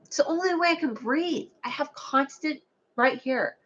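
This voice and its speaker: A woman's voice: high-pitched, normal speed, a bit bright. A woman hosting a casual livestream chat, rambling playfully and answering viewers' comments. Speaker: livestream host. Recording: lo-fi, dull sound.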